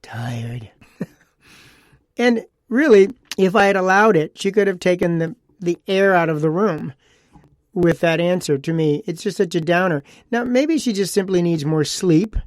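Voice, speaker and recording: A man's voice: high-pitched, normal speed, no room sound. A man hosting a casual solo podcast talks on a close mic. He rambles in a chatty way, repeats himself and adds asides. The sound is dry and close, with no room around him. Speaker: podcast host.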